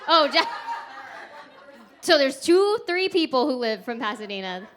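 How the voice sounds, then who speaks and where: A woman's voice: sits high, sing-song, measured pace, some chatter behind, a little hiss or hum. A woman from Texas performing a stand-up set at a comedy club, chatty and self-mocking, laughing through her punchlines. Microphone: handheld stage mic.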